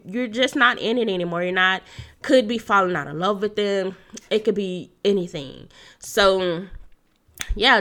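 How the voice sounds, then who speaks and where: Young woman host, stuffy nose, relaxed chatty advice with frequent laughs and "you know"s; crisp bright tone. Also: medium pitch. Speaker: podcast host giving dating advice. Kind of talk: casual solo talk.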